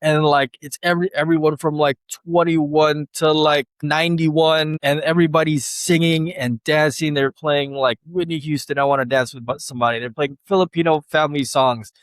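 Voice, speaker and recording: A young adult man, there as a guest DJ on a podcast, tells casual interview stories at a moderate pace with few pauses. His tone is clear and resonant, and he speaks in relaxed slang scattered with fillers, lifting his pitch to animatedly perform any voices he quotes. The studio mic recording is close and dry.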